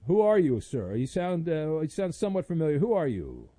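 A man's voice: on the high side, big pitch swings, fairly quick, dark tone, no room sound. A middle-aged man hosting a sports talk radio show, talking in a wry, rambling way with sarcastic asides.

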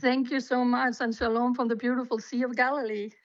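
A woman's voice: fairly high pitch, level tone, brisk, dry recording. A woman from Denmark telling her personal story as a guest on a radio interview, earnest and heartfelt. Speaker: guest journalist. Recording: dull lo-fi remote line.

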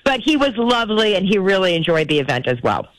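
A woman's voice: medium pitch, fast talker, no echo, low-quality recording. A woman, the show's producer, telling stories in casual podcast chat and laughing often. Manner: laughs often, animated storytelling. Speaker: producer of the show.

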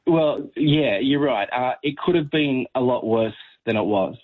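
A man chats about films on the radio, agreeable and measured. His husky voice comes through a thin, phone-like line at a middle pitch. He speaks in calm, even turns. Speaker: film reviewer. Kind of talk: radio chat.

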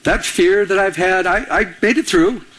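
A man's voice: high-pitched, moderate pace. A middle-aged man preaching a sermon, telling a personal story and acting out the voices in it. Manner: animated storytelling, acts out voices. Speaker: pastor.

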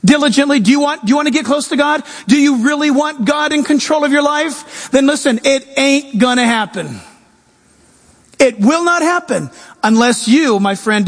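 A male pastor preaching a sermon emphatically, mixing humor with scripture. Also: very high-pitched. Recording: long echoing reverb of a large hall.

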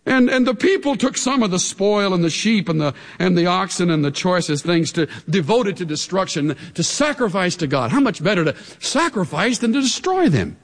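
Animated male preacher in a reverberant hall. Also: high voice, moderate pace, few pauses. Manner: emphatic, dramatic, with sudden drops to hushed tones. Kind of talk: sermon.

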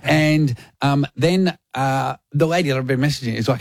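A man's voice: mid-range voice, normal speed, creaky, no echo. A man hosting breakfast radio, telling a story in a casual chat and acting out the voices of the people in it. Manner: animated, acts out quotes. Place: radio studio.

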